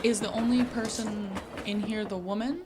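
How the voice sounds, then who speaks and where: A woman's voice: mid-range voice, steady tone, normal speed, background noise. A woman playing a tabletop game, asking questions and describing her actions hesitantly. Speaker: player. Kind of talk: casual tabletop play.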